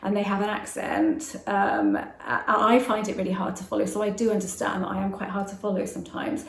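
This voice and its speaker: A woman from England's West Country with an English accent, a manifestation coach talking casually to camera in a fast, chatty way with frequent laughs. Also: medium pitch, creaky. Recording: roomy echo.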